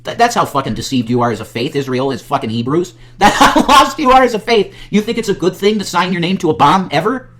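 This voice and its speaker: A man's voice: high voice, very animated, fast, few pauses, a bit bright, slight background noise. A man hosting a podcast, ranting in heavily profane, preaching commentary with frequent restarts. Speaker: podcast host.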